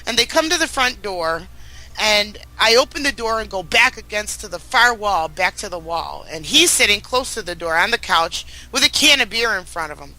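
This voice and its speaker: A woman's voice: mid-range voice, lively intonation, normal speed, pushed and bright, low-quality recording. A middle-aged woman speaking as a guest, telling her personal story in an earnest, emotional way with frequent restarts.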